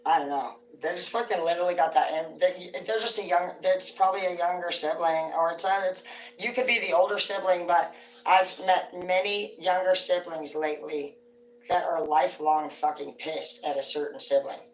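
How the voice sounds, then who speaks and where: A woman's voice: fairly low pitch, fairly even intonation, moderate pace, slight background noise. Rambling, foul-mouthed woman livestreaming. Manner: rambling, profane storytelling. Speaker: livestream host. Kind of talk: casual livestream chat. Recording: roomy sound from a distant mic.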